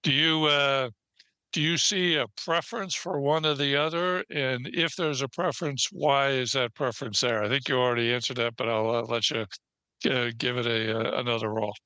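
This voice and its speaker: A man's voice: medium pitch, steady tone, normal speed, sharp tone, clean tone, dry recording. An older American man chairing a conference panel, speaking conversationally with many fillers. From United States. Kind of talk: panel moderation.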